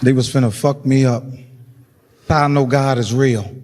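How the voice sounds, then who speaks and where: A man's voice: medium pitch, fairly even intonation, unhurried, darkish tone. A middle-aged man telling profane stand-up stories and acting out the voices of people in them. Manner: profane storytelling, acts out voices. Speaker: stand-up comedian. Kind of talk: stand-up comedy set. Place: comedy stage before a laughing audience. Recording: live hall reverb, faint noise.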